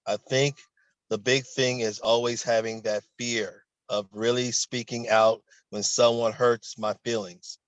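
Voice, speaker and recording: A man in a coaching session talks at a measured pace in a flat, mid-range voice, hesitating and filling gaps before reading out his own written notes. The recording is dry, dull, lo-fi call audio.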